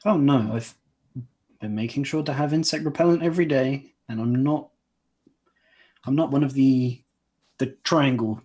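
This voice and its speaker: A man's voice: mid-range voice, moderate pace, long pauses, mellow. A man playing a tabletop game, answering in character in a chatty, hesitant way. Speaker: player. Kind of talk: casual tabletop play.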